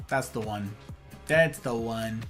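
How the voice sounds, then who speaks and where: Over faint background music, a male livestream host talks at a slow pace in a mid-range voice. He's animated and playful, chatting casually with viewers and responding to the chat.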